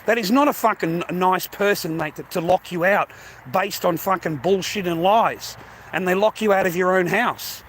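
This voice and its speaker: A man's voice: high-pitched, normal speed, fairly bright tone, a little hiss or hum. An Australian man ranting about his grievances, swearing heavily and repeating himself. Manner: aggrieved, heavy swearing, repetitive. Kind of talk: angry personal rant.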